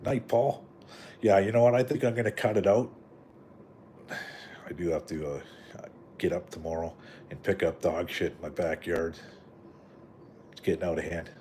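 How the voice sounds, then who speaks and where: A man's voice: sits low, normal speed, pauses often, mellow, slight background noise. A middle-aged man from Canada hosting a live stream, chatting in a rambling, profane way with lots of fillers and "right?" tags. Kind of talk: casual rambling live chat.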